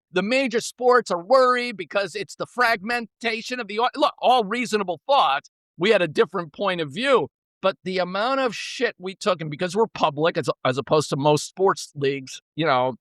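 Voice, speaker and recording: A man in a podcast interview, telling stories in an energetic, blunt way and swearing freely. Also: sits high, no echo. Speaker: podcast guest, former co-CEO. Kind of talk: casual storytelling.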